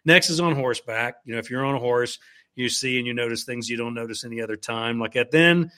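A male author talking in a loose, rambling way, leaning on fillers like "you know" and "like that." His voice sits at an ordinary middle pitch, and he moves from chat into reading a passage from his book. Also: quick pace, sharp tone, smooth. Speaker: author guest.

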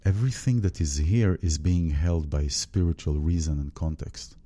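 A man hosting a spiritual conversation, speaking haltingly with many restarts as he searches for words. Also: a bass voice, dark tone.

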